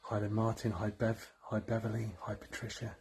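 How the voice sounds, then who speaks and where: A man co-hosting a ghost hunt livestream, talking quietly and greeting viewers one after another inside an old cottage. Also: lowish voice, monotone, moderate pace, creaky, a little hiss or hum. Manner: hushed, rattling off greetings to viewers. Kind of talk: casual livestream chat. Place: old abandoned cottage, indoors.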